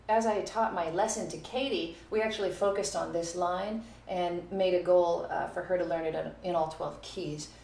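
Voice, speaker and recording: A woman's voice: fairly low pitch, vocal fry, darkish tone. A woman giving a casual music lesson on video, talking through her playing and now and then counting beats and scatting short phrases aloud. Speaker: music teacher. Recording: echoey room with faint noise.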